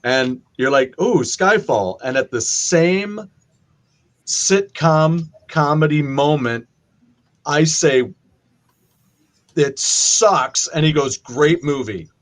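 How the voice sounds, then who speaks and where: Man, fairly high voice, lively storytelling, casual chat, acts out quotes. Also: takes it slowly. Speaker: podcast co-host.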